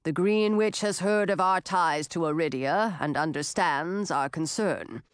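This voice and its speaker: A woman voicing an old male ice dragon king who speaks slowly and solemnly, lowering her voice for him. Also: smooth, dry recording, clean studio sound, close to an everyday voice. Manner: slow, solemn, low voice. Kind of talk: audiobook character reading.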